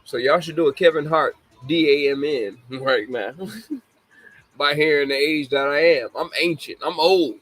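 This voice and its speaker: A man's voice: on the high side, measured pace, a bit bright, slight background noise, rough recording. A man in his forties hosting a casual live talk show, laughing often and apologizing to young listeners he calls babies. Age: 40s. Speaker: show host.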